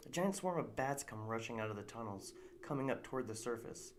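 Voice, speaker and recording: A man's voice: fairly low pitch, brisk, hardly any pauses, slight background noise. Casual male live story reader. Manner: casual, unpolished reading with restarts. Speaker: narrator.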